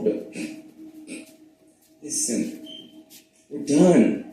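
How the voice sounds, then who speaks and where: A man hosting his own spiritual channel, rambling in a profane, casual monologue that swings between loud bursts and hushed asides. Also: mid-range voice, sing-song, unhurried, pauses often, soft background music. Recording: very echoey room.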